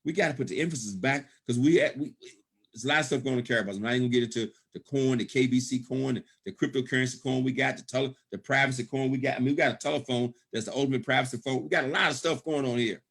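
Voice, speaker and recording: Emphatic man pitching on a call. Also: steady tone, racing, vocal fry, fairly bright tone. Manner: emphatic, repetitive, frequent "okay?" check-ins. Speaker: presenter of a business opportunity call. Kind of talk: sales pitch on a conference call.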